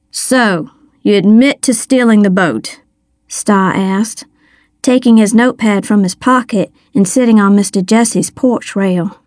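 A woman's voice: on the high side, dry recording, clean studio sound. A woman narrating a first-person audiobook in a folksy, wry storytelling manner.

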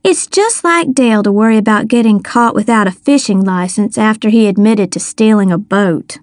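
A woman's voice: medium pitch, normal speed, a little mellow, no room sound, clean studio sound. A woman narrating a first-person audiobook in a folksy, wry storytelling manner.

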